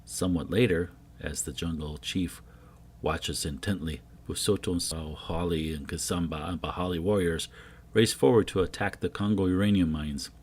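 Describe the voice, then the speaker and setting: A man reading a jungle adventure comic aloud, voicing every character himself and getting loud on the shouted lines. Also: sits low, steady tone, moderate pace, husky. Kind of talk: dramatic comic book reading.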